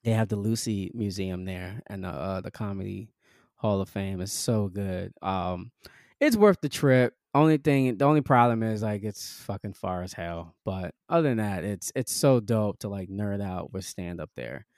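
Brief: low-voiced male comedian guest, dry close mic, hyped and slangy. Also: animated, normal speed, a little mellow, no echo. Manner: enthusiastic, profane slang. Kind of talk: casual chat.

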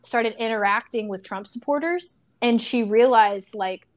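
Chatty woman with a higher voice. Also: measured pace. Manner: chatty, fills with "like" and "you know". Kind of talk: casual conversation.

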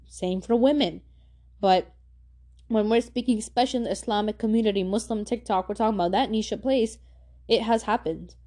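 A young woman hosts a casual advice podcast. She talks in a slangy, emphatic way and repeats her points for stress. Her voice is warm and mellow. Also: medium pitch, brisk. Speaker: podcast host.

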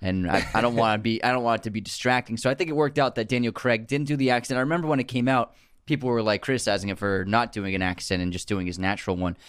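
A man's voice: mid-range voice, fast, fairly bright tone, clean tone, dry recording. Chatty man on a dry mic. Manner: chatty, laughs often, restarts sentences. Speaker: podcast co-host. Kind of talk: casual film discussion.

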